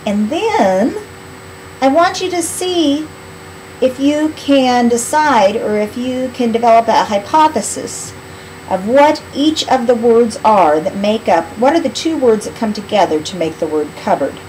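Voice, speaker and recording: A woman teaching a spelling lesson in a clear, patient, instructional voice. She draws out each word slowly so it can be heard sound by sound. A faint hiss of noise sits under the recording. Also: fairly high pitch, expressive, darkish tone, poor audio.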